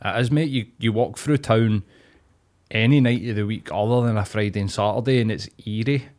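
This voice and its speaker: A man's voice: fairly low pitch, brisk, darkish tone. A man co-hosting a podcast, chatting in a sweary, reassuring way. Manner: sweary, reassuring, backchannels a lot. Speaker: podcast co-host. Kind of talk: casual chat.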